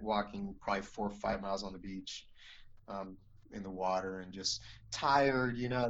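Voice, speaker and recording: A man's voice: on the low side, fairly bright tone, muffled recording. A man telling a personal story as an interview guest, earnest and rambling, with many restarts and "you know"s.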